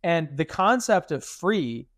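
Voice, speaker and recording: A young man co-hosting a podcast in casual chat, animated and acting out quoted speech. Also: fairly high pitch, slow pace, no echo, studio quality. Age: young adult. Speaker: podcast co-host.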